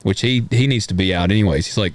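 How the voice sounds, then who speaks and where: An American man co-hosting a podcast, chatting casually about politics in a rambling, folksy, animated way. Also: fairly low pitch, fast talker, no room sound. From United States. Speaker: podcast co-host.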